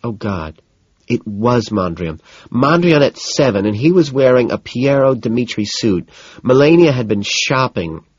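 A man's voice: medium pitch, lively intonation, slightly rough, dry recording, dull audio, pitched above the performer's own voice. A man reading an audiobook voices a chatty, exasperated wealthy young woman who scolds and gossips. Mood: gossiping. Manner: gossipy, scolding, quick to dismiss.

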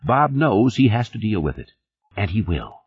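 A man voicing a smooth, ingratiating corporate executive in an audiobook reading. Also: on the low side, big pitch swings, normal speed, pitched above the performer's own voice. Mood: soothing. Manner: soothing, glib. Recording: dull lo-fi audio.

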